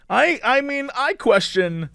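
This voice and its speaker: A man's voice: extremely high pitch, slow, vocal fry, smooth, dry recording, studio quality. A man co-hosting a casual comedy podcast, playful and teasing as he tells his stories. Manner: playful, teasing, animated storyteller. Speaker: podcast co-host.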